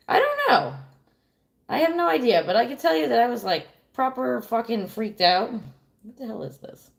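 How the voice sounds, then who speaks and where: Woman, thirties, casual livestream chat, rambling and profane, lively pitch. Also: moderate pace, vocal fry. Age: 30s. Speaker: streamer.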